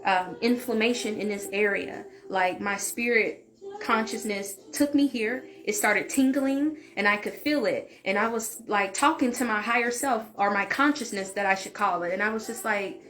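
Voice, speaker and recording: A woman vlogger tells a personal story in a loose, chatty way, often saying "like". Her voice is mid-pitched and unremarkable in its height. Faint music plays softly behind her. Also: normal speed. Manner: chatty, open, fills speech with "like". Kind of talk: casual story time.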